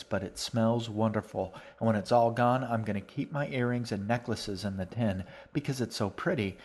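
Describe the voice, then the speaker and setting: In a storybook reading, a man voices a gentle, talkative young queen, speaking in a fond, sing-song way. His voice is mid-range and only lightly acted.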